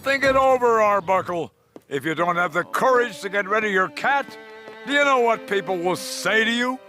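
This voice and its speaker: An actor playing a pompous older male doctor in a cartoon, speaking in a slow, theatrical way. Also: high voice, lively intonation, bright, forceful tone, faint music behind. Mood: self-assured. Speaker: psychiatrist. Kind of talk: cartoon voice acting.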